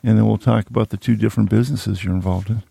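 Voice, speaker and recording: A man's voice: on the low side, fairly even intonation, rapid-fire, gravelly, dark tone, slightly rough, no room sound, clean studio sound. A middle-aged man from the Boston area hosting an interview, chatty and rambling with self-deprecating asides. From Boston area, Massachusetts. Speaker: podcast host. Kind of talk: casual interview chat.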